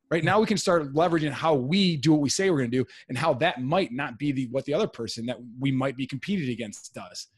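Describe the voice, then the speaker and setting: A man talking as a podcast guest, laying out his points in a steady, explanatory, businesslike way. His voice sits at an average pitch for a man. The recording is close and dry, with no room sound. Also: quick pace, few pauses, breathy edge, no room sound. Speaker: podcast guest, real estate investor; salesperson. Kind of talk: casual interview talk.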